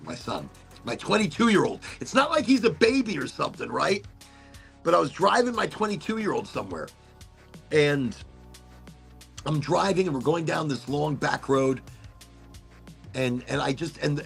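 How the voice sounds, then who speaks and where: A man's voice: on the high side, vocal fry, a bit bright. A middle-aged man hosting a casual podcast, rambling and swearing as he tears up. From Florida. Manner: rambling, profane, emotional, frequent restarts. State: tearing up. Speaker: podcast host. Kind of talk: casual chat.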